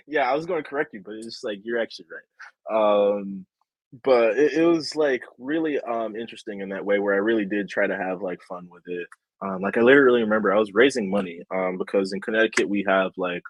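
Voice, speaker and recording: A man's voice: low voice, husky, no echo, poor audio. A young man chatting casually as a podcast guest, rambling with many fillers. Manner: rambling, lots of fillers, animated. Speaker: guest, state house candidate. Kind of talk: casual chat.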